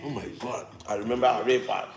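A Nigerian man with a Nigerian accent, co-hosting a casual mealtime chat at home, animated and teasing, laughing often. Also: mid-range voice, quick pace, over music. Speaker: co-host. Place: home room with a dog about. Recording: roomy echoey room.

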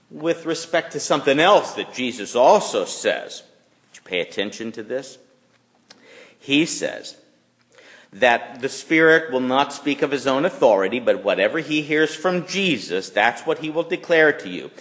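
A man preaching a children's chapel sermon as pastor, animated and playful, putting on voices for the kids. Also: fairly high pitch, a little slow. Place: school chapel. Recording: long reverb of a chapel.

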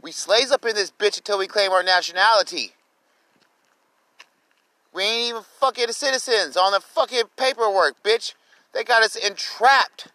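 A man rants into his phone on a livestream, furious and profane, hammering the same demands again and again. His voice sits high and cuts sharp and bright. The sound is dry and close, with no room around it. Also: moderate pace, no echo, low-quality recording. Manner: furious, profane, repetitive shouting. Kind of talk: angry livestream rant.

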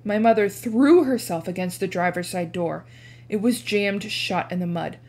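A woman teacher reading a chapter book aloud with expressive narration. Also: normal speed. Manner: animated, changes pitch for dialogue.

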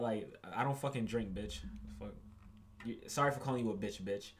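A man hosting his gaming channel, giving casual gameplay commentary full of loud, profane, excitable reactions. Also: on the low side, moderate pace.

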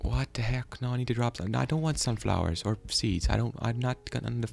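A man's voice: medium pitch, fast, gravelly, darkish tone, soft background music. A man doing casual, rambling game commentary in a goofy, self-deprecating way, chatting to the animals on screen. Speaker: gaming YouTuber.

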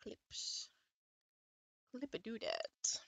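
A woman's voice: drawn-out words, bright, forceful tone, no echo, low-quality recording. A young woman live-streaming a horror game, chatting to her viewers, swearing freely and shrieking at scares. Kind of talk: casual live-stream commentary.

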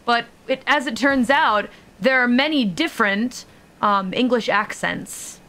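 A woman's voice: a little high, a little slow, pushed and bright. Playful swearing woman streaming a game. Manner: playful, joking, swears freely; chatty asides to the audience. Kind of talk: casual live-stream commentary.

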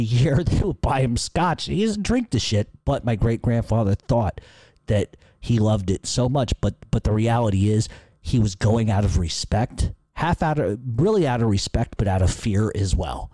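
A man's voice: mid-range voice, lively intonation, moderate pace, dark tone, no echo. A middle-aged man hosting a podcast, answering listener questions in casual, profane, rambling storytelling. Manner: profane, rambling, laughs at own stories.

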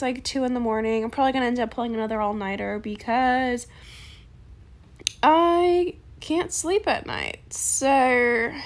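A young adult woman in casual gameplay chat, soft-spoken and chatty, recorded on a phone in a quiet bedroom late at night. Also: sits high, gravelly. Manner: chatty, soft-spoken, calls viewers bestie. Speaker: gaming YouTuber.

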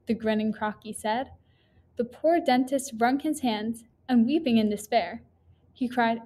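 A woman reading a children's rhyming poem aloud in a lively storytelling way. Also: on the high side, a little slow. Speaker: reader.

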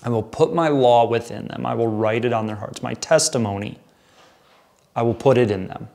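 A man's voice: mid-range voice, normal speed, gravelly, darkish tone. An earnest man teaches a midweek Bible study, speaking conversationally to a camera audience. He reads scripture passages aloud and then rephrases them in plain, everyday words. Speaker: pastor.

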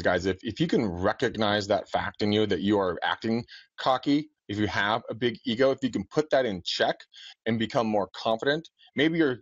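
A man's voice: on the low side, dry recording. A man co-hosting a podcast, blunt and casual, swearing freely. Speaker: podcast co-host. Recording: dull lo-fi sound, dry.

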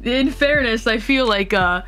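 Joking, slow-talking woman. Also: on the high side, a bit bright, soft background music. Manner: joking, teasing, laughs often. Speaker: guest streamer. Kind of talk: casual chat during a stream.

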